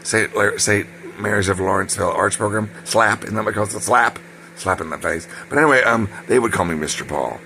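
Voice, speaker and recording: Gravelly, bright-voiced older man telling stories. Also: on the low side, fairly quick, slight background noise. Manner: digressive, full of ums and self-corrections. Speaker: storyteller. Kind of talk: rambling personal storytelling.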